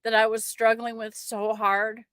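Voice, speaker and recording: A middle-aged woman sharing a personal faith testimony with an online audience, emotional and halting, often restarting her sentences. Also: fairly high pitch, flat delivery, fairly bright tone, smooth, no echo, studio quality.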